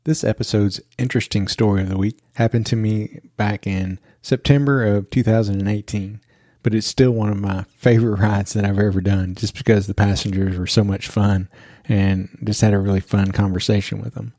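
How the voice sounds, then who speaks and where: A man's voice: fairly low pitch, steady tone, fairly quick, warm tone, no room sound, clean studio sound. A man hosting a podcast, telling a story in a chatty way and laughing as he goes. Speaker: podcast host. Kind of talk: casual storytelling.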